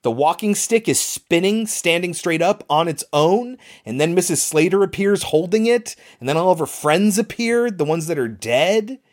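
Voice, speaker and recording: Animated, swearing storyteller recapping a film. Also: mid-range voice, moderate pace, few pauses. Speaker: podcast co-host. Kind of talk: casual movie recap chat.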